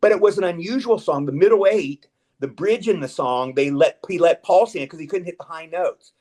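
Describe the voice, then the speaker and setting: A man's voice: on the high side, fairly quick, a little mellow. A man chatting as a guest in a casual interview, rambling and eager, with stammered restarts. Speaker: guest actor.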